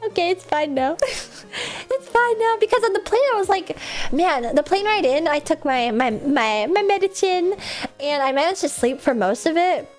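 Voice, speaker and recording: A woman's voice: sits high, animated, moderate pace. A young woman livestreamer chatting casually, bubbly and rambling, laughing often and swearing offhand. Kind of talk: casual stream chat.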